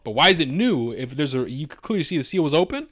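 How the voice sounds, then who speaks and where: A man co-hosting a podcast, telling a long story in casual chat, animated and profane, acting out his own reactions. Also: fairly high pitch, fast talker, dry recording, clean studio sound. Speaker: podcast co-host.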